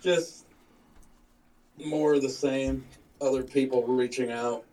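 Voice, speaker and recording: A man's voice: medium pitch, fairly even intonation, takes it slowly, warm tone, distant mic, low-quality recording. Blunt man, off the mic. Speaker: podcast co-host. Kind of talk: casual chat. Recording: off-mic with faint room noise.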